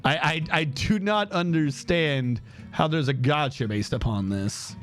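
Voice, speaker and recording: A man's voice: fairly high pitch, measured pace, faint music behind. A man streaming a game, chatting casually in a rambling, incredulous way, with lots of restarts and asides.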